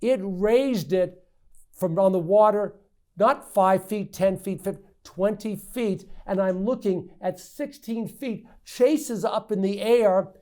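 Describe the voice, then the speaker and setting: Middle-aged male politician guest, lively storyteller, frequent restarts and stammers, conversational. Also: high-pitched, slow pace. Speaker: state senator, podcast guest. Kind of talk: candid interview storytelling.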